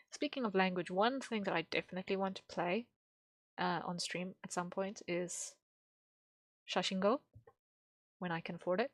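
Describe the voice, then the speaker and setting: A woman's voice: lowish voice, unhurried, long pauses, dry recording. A young woman streaming while she draws, rambling casually with lots of fillers and small laughs. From English-speaking. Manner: rambling, thinking aloud with many fillers and laughs.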